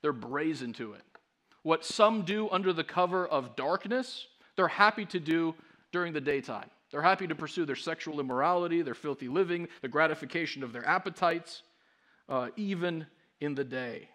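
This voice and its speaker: Pastor, male, fairly high voice, emphatic sermon delivery with rhetorical questions. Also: expressive, normal speed, bright, forceful tone.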